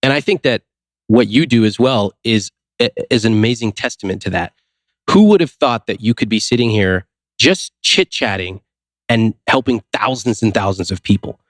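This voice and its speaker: Guy from the us, lowish voice, chatty podcast guest acting out little dialogues, dry close mic. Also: normal speed, dry recording. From United States. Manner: lively, acts out quoted dialogue, rhetorical questions. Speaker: podcast guest, finance author. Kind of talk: casual interview storytelling.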